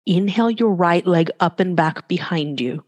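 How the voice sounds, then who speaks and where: A yoga teacher giving live cues in a studio with a long reverb tail. The speech is casual and joking between breath and pose counts, at a mid pitch. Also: moderate pace, a little mellow. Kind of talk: live class instruction.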